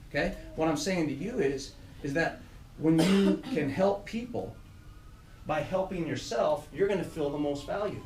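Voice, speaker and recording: A middle-aged man speaks to a room of young trainees in a fairly high voice. He gives a motivational talk and tells animated stories from his own life. He is picked up from a distance, and the room echoes around him. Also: slight background noise. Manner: storytelling, animated, laughing through funny parts. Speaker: program director speaking to youth trainees. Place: room with an audience.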